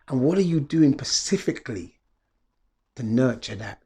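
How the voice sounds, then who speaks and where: A man's voice: mid-range voice, animated, a little slow. A middle-aged man, a wellness coach, giving an earnest reflective motivational talk full of repeated rhetorical questions.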